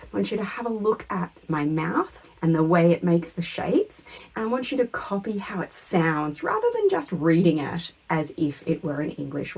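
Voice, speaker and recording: A woman teaching a beginner French lesson to camera, speaking patiently and modelling each word clearly for learners to repeat. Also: on the low side, a little mellow, low-quality recording.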